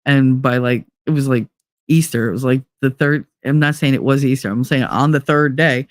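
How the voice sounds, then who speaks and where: Speaking at normal speed in a very deep voice, this podcast host recounts something from her own life in a relaxed, talkative style. She leans heavily on "like" and performs what others said, and the recording is studio quality with no echo.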